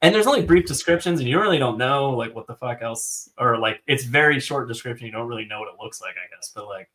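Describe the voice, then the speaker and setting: A man co-hosting a podcast, chatting excitedly about a fantasy book, swearing often and filling his talk with "like". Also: mid-range voice, quick pace. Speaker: podcast co-host. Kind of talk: casual book discussion.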